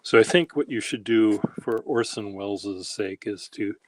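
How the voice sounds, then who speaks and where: A man chatting casually, telling meandering, halting anecdotes as the host. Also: fairly low pitch, a little hiss or hum. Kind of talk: casual rambling chat.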